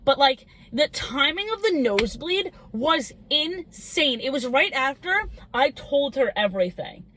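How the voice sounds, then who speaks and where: A woman's voice: sits high, a little slow. Giggly young woman telling a spooky story. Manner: animated, giggly, acts out quotes. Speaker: podcast co-host. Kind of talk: casual storytelling chat.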